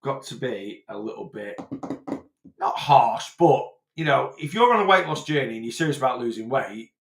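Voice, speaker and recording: A man's voice: medium pitch, lively intonation, normal speed, echoey room. A man from Blackpool with a Lancashire accent, answering viewer questions live as a weight loss coach in a chatty, rambling way full of fillers and restarts. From Blackpool, England.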